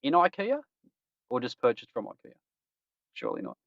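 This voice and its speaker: A man's voice: medium pitch, wildly swooping pitch, normal speed, vocal fry, dry recording. An Australian man hosting a podcast, running through odd news stories in a cheeky, joking way and laughing at his own puns. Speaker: podcast host. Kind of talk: casual news-roundup chat. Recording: dull lo-fi stream audio.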